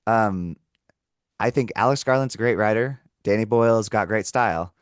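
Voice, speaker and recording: A man with a fairly low voice co-hosts a laid-back movie chat. He teases his friend, rolls into quick mocking impressions, and talks over him. The sound is close and dry. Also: clean tone, dry recording. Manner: teasing, playfully mocks his co-host with quick mimicked quotes. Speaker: podcast co-host. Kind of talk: casual movie-review chat.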